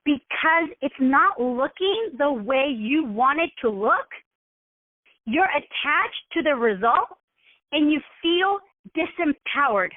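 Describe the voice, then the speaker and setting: A woman wellness coach giving a motivational coaching talk, constantly checking in with her listeners and acting out scenarios in animated voices. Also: high-pitched, slow pace, no room sound. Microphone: telephone. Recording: tinny phone line.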